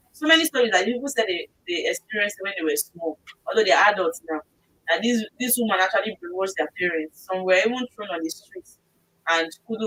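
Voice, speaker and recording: A woman's voice: mid-range voice, a bit bright, poor audio. A woman co-hosting a talk show, recounting stories earnestly. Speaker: co-host.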